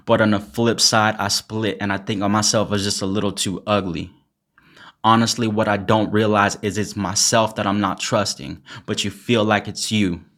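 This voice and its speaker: A young man, a rapper and poet, spits an intense, angry a cappella freestyle loaded with swearing, then shifts to chatting and laughing casually with his viewers. His voice is fairly low in pitch and a bit bright.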